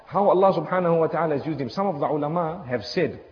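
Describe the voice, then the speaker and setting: A man's voice: on the high side, fast talker. Impassioned male preacher in echoey hall. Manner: impassioned, repetitive preaching with religious phrases. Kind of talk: storytelling sermon. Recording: echoey hall, dull lo-fi sound.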